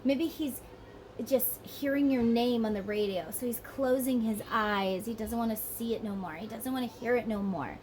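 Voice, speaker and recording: A woman's voice: a little high, normal speed, darkish tone, low-quality recording. A woman with a Southern US accent giving a rambling, casual tarot reading, sometimes acting out the people she talks about. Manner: chatty, rambling, acts out voices. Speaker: tarot reader. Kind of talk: casual psychic reading monologue.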